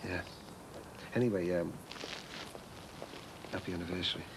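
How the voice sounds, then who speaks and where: A man's voice: deep voice, fairly even intonation, moderate pace, very noisy. An actor playing an awkward, hesitant man making excuses.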